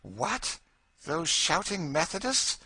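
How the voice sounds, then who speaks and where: A high, bright, peevish lady of the house frets about what is proper, as a male narrator puts her on. Her talk is prim and complaining, read close and dry in a storybook reading. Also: sing-song, takes it slowly, husky, no room sound, heavily acted.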